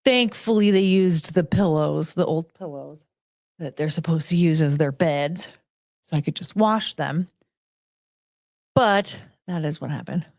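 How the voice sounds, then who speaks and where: A woman's voice: sits low, a little slow, vocal fry, a little mellow, dry recording, clean studio sound. A woman livestreamer chatting casually in a rambling way, with lots of fillers.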